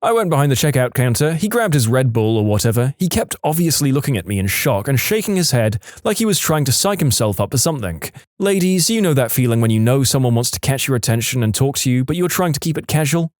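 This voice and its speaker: Animated male storyteller, dry sound. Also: mid-range voice, quick pace, hardly any pauses, no echo. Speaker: story narrator. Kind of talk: reading online stories aloud.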